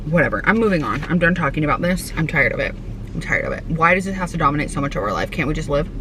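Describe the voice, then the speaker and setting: A woman's voice: low voice, background noise. A young woman vlogging casually from home, rambling with lots of "like" fillers and turning emotional at times. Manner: chatty, rambling, many "like" fillers. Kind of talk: casual vlog chat. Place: her home.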